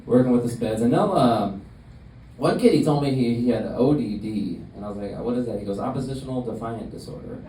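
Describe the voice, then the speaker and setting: A young man doing a stand-up comedy set in a club, with a deadpan, halting delivery full of fillers. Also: mid-range voice. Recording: roomy club sound from a distance, audience noise. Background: audience laughter.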